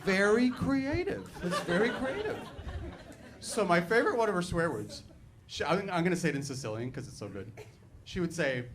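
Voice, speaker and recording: A middle-aged man doing a stand-up comedy set on a club stage, telling stories in a chatty, animated way full of "like" and "right". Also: sits high, moderate pace. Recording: live club recording, background noise.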